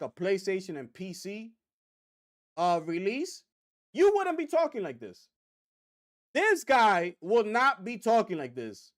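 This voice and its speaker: A man hosting a gaming news livestream, talking casually and straight to viewers, repeating himself for emphasis. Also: sits high. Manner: animated, repetitive, talks straight to viewers.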